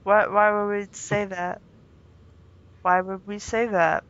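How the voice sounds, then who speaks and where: A woman's voice: medium pitch, level tone, slow pace, fairly bright tone, dull audio. A woman reading a story aloud for laughs, giggling and poking fun at herself between lines. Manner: giggly, self-mocking. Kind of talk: comedic reading with banter.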